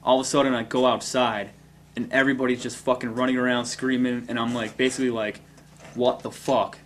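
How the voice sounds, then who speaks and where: A man's voice: mid-range voice, little pitch movement, quick pace, fairly bright tone. Man cursing through a tour story. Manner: profane, bewildered retelling. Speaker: touring band member. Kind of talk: casual storytelling.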